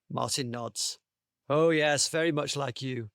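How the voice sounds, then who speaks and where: A man on a podcast panel reading out a comic made-up story, with a playful, deadpan delivery. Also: mid-range voice, measured pace, no echo, studio quality.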